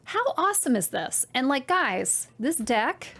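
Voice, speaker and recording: A woman hosting a knitting podcast from home, talking to camera in a chatty, excitable way and addressing her viewers directly. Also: sits high, a little slow, slightly rough. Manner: chatty and excitable, full of "like" and "you guys". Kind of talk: casual chat to camera.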